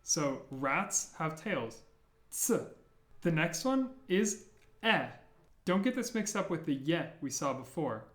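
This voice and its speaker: Slow, deliberate male language teacher. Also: fairly high pitch, very animated, fairly bright tone, roomy sound. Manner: repeats each sound slowly, playful memory tricks. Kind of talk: slow, deliberate pronunciation lesson.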